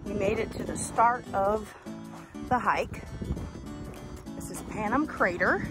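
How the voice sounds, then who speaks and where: A woman vlogging outdoors while hiking a trail, out of breath and gushing with excitement to her camera. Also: mid-range voice, slow pace. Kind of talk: hiking vlog narration to camera. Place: outdoors on a volcanic crater trail. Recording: music playing behind.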